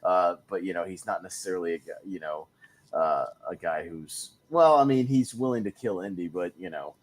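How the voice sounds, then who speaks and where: Low-voiced rambling man, movie chat. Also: a little fast. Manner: rambling, laughs often, many fillers. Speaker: podcast host. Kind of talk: casual movie discussion.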